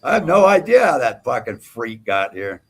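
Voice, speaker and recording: Gravelly husky guy ranting and taunting on his live stream, swears constantly, pitch jumps all over. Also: big pitch swings, normal speed, fairly bright tone. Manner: profane, taunting, mocking. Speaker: livestream host. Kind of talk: heated livestream panel trash talk.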